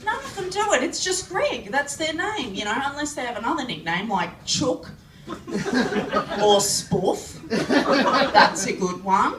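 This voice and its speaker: Aussie woman doing stand-up, high pitched and lively, slow delivery, echoey pub from far back, noisy. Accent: Australian. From Australia. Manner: self-deprecating, animated storytelling. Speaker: stand-up comedian. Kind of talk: stand-up comedy set. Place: pub comedy club. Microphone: phone camera from the audience.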